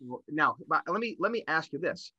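A man's voice: a little high, sing-song, a little fast, bright, forceful tone, slightly rough, no room sound, dull audio. A man in his fifties co-hosting a podcast, talking animatedly and often repeating words as he goes. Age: 50s. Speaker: podcast co-host. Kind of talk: podcast interview conversation.

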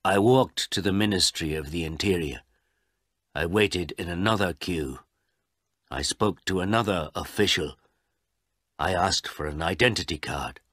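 A man narrating a learner's storybook in a slow, clear, deliberate way. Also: sits low, fairly bright tone, dry recording, clean studio sound.

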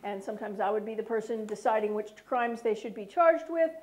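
A middle-aged woman and former prosecutor giving a talk to an audience in a lecture room, speaking slowly and chatting directly with the listeners. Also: mid-range voice, lively intonation, a little mellow, rough recording.

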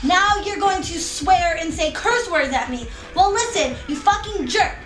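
A woman's voice: very high voice, unhurried, a bit bright. An actress playing a woman arguing with her partner, exasperated and nagging. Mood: irritated. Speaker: actor in a music video skit. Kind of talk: improvised couple argument. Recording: distant, echoey room with music.

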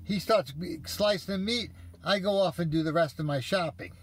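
A man's voice: sits high, moderate pace, breathy edge, dry recording. A man telling viewers an exasperated story in a casual, profane rant. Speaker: vlogger ranting to viewers.

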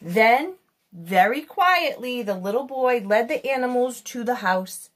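Expressive female storyteller for a children's picture book, higher voice, unhurried. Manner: expressive, asks the listener questions.

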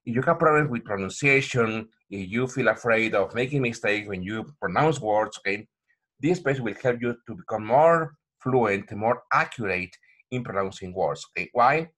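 A man teaching pronunciation in an online lesson, repeating words slowly and calling viewers "my friends". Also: fairly low pitch, expressive, a bit bright. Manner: repetitive, addresses viewers as my friends, frequent okay.

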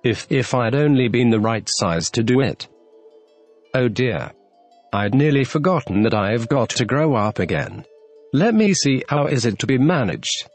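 A man's voice: medium pitch, big pitch swings, measured pace, faint music behind. A man voicing a polite, earnest young girl who is puzzled.

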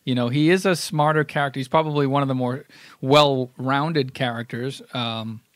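A man co-hosting a podcast, talking it over in a relaxed chat with frequent restarts. His voice sits in a middle range. The sound is dry and close, with no room. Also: mid-range voice, moderate pace, no room sound. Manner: thoughtful, many restarts, explains at length. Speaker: podcast co-host. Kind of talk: casual chat.

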